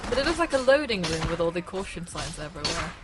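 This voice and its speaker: A woman's voice: on the low side, big pitch swings, fast talker, over music. A young woman hosting a casual let's-play, chatty and rambling, laughing often, on a PC microphone. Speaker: gaming channel host. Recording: game gunfire and noise behind.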